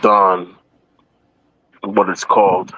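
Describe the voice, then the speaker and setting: A man's voice: low-pitched, little pitch movement, extremely slow, sharp tone, husky, low-quality recording. A man chatting casually as a podcast guest, rambling and repeating himself, with easy laughter as he talks. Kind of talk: casual chat.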